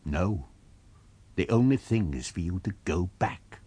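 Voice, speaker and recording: A man's voice: sits low, animated, unhurried, warm tone, breathy edge, no room sound, heavily acted. A man reading an unseen invisible man who speaks in cold, firm threats. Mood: grim.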